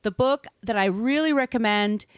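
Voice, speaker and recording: A woman's voice: on the high side, normal speed, clear, resonant tone, no echo, clean studio sound. A woman hosting a podcast, telling a true-crime story in a chatty, casual way, swearing freely and laughing often. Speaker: podcast host.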